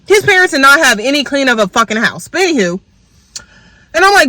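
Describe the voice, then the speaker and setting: A young woman venting in a profane, animated storytime rant to her viewers. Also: sits high, a little fast, pauses often, no echo. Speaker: vlogger.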